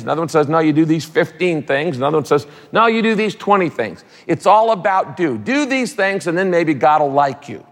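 High-voiced preacher in a reverberant hall. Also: male voice. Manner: emphatic preaching with repeated phrases and quick casual asides. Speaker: pastor. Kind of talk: sermon.

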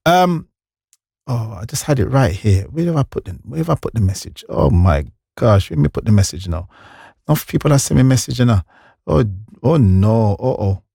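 A man's voice: mid-range voice, vocal fry, a little mellow, breathy edge, no echo, studio quality. A man with a Jamaican accent hosting a radio show, chatting playfully between songs and slipping into patois and sing-song lines. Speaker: radio host.

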